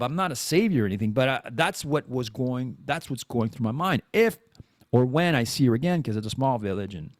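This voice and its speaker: Male podcast host, mid-pitched, lively intonation, rambling off-the-cuff monologue, dry recording. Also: no room sound. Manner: rambling and animated, with many restarts and repeated words. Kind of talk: casual live-streamed monologue.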